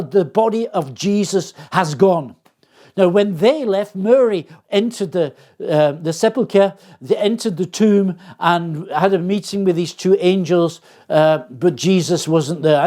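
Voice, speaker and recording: An older man preaching a sermon in an earnest, unhurried way, often restarting his phrases. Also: sits high, mellow. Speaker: pastor.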